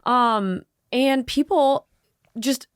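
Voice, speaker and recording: A woman's voice: high voice, drawn-out words, clean tone, dry recording, clean studio sound. A young woman co-hosting a casual political podcast, making playful asides and giggling, sometimes restarting her thoughts. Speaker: podcast co-host.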